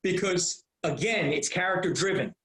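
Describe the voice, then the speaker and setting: A man in his fifties, a comedian guest telling rambling, animated stories in a casual interview. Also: sits high, normal speed, reverberant, poor audio.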